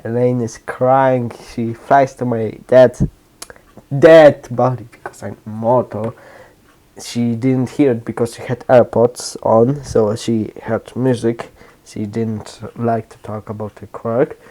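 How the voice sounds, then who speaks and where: Brief: male storyteller, improvised and rambling, slow delivery, mid pitch. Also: level tone, dark tone. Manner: rambling, halting, with restarts and self-corrections. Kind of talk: improvised fan story narration.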